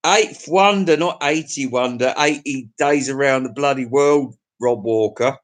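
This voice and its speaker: A man's voice: mid-range voice, measured pace. A middle-aged man with an English accent, rambling crudely through a casual livestream chat with his viewers. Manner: rambling, crude, chuckling to himself. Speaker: livestream host.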